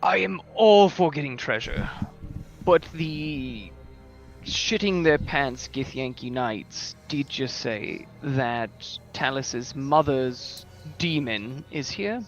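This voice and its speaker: A man playing a tabletop game, describing his character in a slow, amused drawl. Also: medium pitch, expressive, lo-fi sound, faint music behind. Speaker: player. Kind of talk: tabletop role-play banter.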